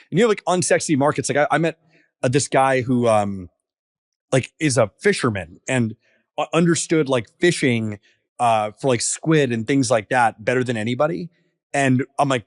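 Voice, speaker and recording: A man in his thirties, a startup founder, talking casually on a podcast with lots of fillers and quick asides. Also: mid-range voice, dry recording, studio quality. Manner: casual, filler-heavy storytelling.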